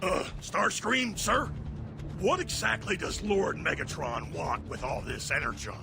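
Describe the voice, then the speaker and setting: An actor playing a nervous, dim robot grunt who stammers and is eager to please. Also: male voice, a little high, measured pace, creaky, music in the background. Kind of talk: video game voice acting.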